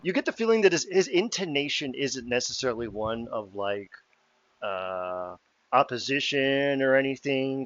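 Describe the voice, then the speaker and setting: A man narrates a tabletop game as game master, loose and chatty with plenty of fillers. His voice is mid-pitched and dry. The recording sounds dull and lo-fi. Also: a bit bright, no echo.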